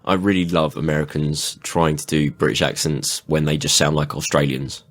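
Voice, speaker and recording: A man with a very low voice co-hosts a relaxed podcast chat. He laughs often and drops casual swears. His tone stays easygoing and loose. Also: normal speed. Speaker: podcast co-host.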